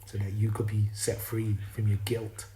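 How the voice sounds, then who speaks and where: This recording is poor, with some hiss or hum behind a man's fairly low, mellow voice that stays monotone at a moderate pace. Speaking in what he calls a not-quite-perfect East Coast American accent, he meanders reflectively through spiritual musings, frequently breaking off and beginning sentences again.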